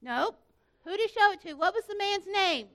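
High bright-voiced woman running a kids' song and bible time, loud and cheery, lots of call and response. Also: lively intonation, normal speed. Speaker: children's program leader. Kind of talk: leading kids' songs and a Bible lesson.

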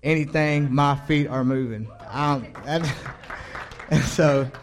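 A young man who leads a church choir, giving a casual personal faith testimony, rambling with restarts and quoting his own thoughts in a hushed voice. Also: on the high side, slow pace, a crowd in the background, noisy background.

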